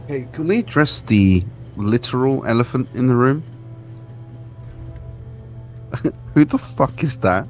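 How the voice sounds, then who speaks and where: A man's voice: medium pitch, expressive, unhurried, pauses often, soft background music. A man playing in a tabletop game, wry and a little complaining. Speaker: player. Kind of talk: tabletop game role-play.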